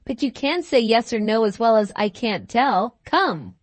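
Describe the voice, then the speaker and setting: A woman reading the part of a drunken, brutish young gentleman who shouts and blusters, in an audiobook. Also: on the high side, expressive, a little slow, no room sound. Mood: blustering.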